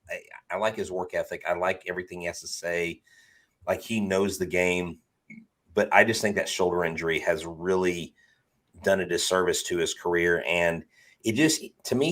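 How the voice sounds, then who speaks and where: Man, very deep voice, podcast guest, earnest casual chat, repeats words. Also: a bit bright.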